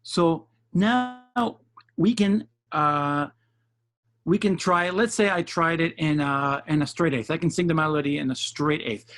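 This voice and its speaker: A man's voice: on the high side, unhurried, heavy background noise. A man teaching jazz piano in an online lesson, patiently explaining rhythm step by step and counting beats aloud over a video call. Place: home setup for a virtual session.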